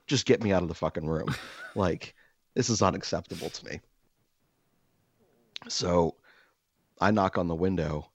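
A low-voiced man co-hosting a casual podcast who tells stories with lots of lively pitch swings. He jumps into the voices of the people he describes and laughs through the tense parts. The recording is dry and a bit dull. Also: no room sound. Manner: animated storyteller who acts out quoted voices and laughs a lot. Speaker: podcast co-host. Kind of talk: casual storytelling chat.

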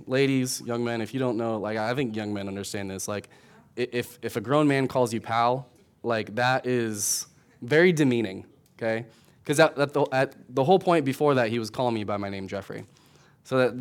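A man's voice: mid-range voice, fairly quick. Casual, storytelling young male pastor. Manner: conversational, storytelling, rising to emphatic. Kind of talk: sermon.

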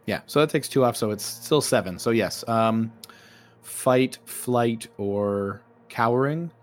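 A man's voice: medium pitch, slow pace, soft background music. A man playing a tabletop game, talking casually and thinking aloud with hesitant fillers. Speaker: player.

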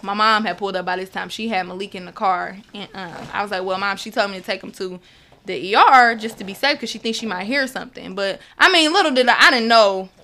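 A woman's voice: mid-range voice, fast talker. A young woman telling a personal story, acting out what everyone said in quotes. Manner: animated, acts out others' words in quotes. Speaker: guest.

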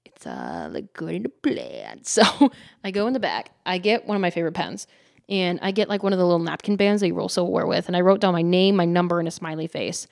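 A woman's voice: lowish voice, fast talker, dry recording, studio quality. A woman hosting her own podcast, telling a story in a chatty, giggly way with lots of "like" fillers and playful quoted voices. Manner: dramatizes with lively quoted voices. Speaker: podcast host. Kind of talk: casual storytelling.

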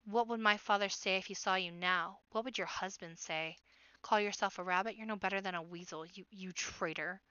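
A woman voicing a fierce, quick-witted young girl rabbit who speaks urgently and loudly. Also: medium pitch, clear, resonant tone, no room sound, dull audio, close to an everyday voice. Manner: urgent, fiery, loud.

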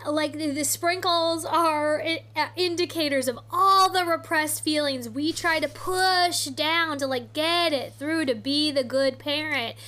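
A woman's voice: high-pitched, a little slow, hardly any pauses, sharp tone. A woman in casual chat, a podcast host, speaking in a reflective, hesitant way.

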